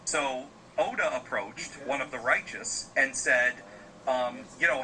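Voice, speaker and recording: A man's voice: medium pitch, a little slow, poor audio. A man hosting a gaming podcast, telling a story casually with loose phrasing and lots of fillers, with crowd noise behind. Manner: loose, rambling, frequent fillers.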